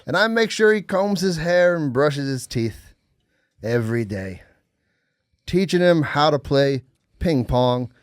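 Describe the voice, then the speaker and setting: A comedian reading the part of a gentle, slow Southern widower in a plain, even voice at a mock audition. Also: male voice, on the high side, clear, resonant tone, no echo, studio quality. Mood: earnest.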